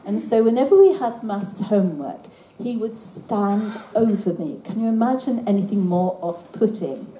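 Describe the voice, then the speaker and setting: A woman's voice: medium pitch, expressive, normal speed, few pauses, mellow, slight background noise. Wry older woman telling a story. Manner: wry, self-deprecating storyteller. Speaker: author speaking at a book event. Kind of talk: storytelling talk to an audience. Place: hall at a book event. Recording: roomy hall with faint ambience.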